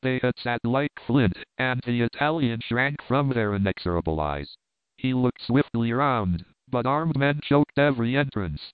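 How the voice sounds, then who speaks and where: Male audiobook narrator, steady and dramatic; smooth tone, narrow-band recording. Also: mid-range voice, moderate pace, dry recording. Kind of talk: scripted narration.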